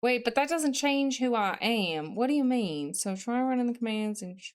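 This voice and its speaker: A woman's voice: a little high, animated, normal speed. A woman streamer chatting casually on a live stream, reading chat messages aloud, answering them, and thinking aloud while she studies.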